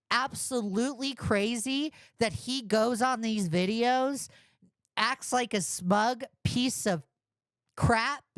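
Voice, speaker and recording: A woman's voice: mid-range voice, no room sound, studio quality. A woman commentator ranting scathingly about another creator, mocking and blunt. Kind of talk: reaction commentary.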